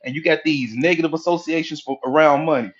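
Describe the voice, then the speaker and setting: A man coaching on mindset, lecturing at a whiteboard in an animated way and acting out inner voices with casual profanity. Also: a little high, fast talker, muffled recording. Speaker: hypnotherapy coach.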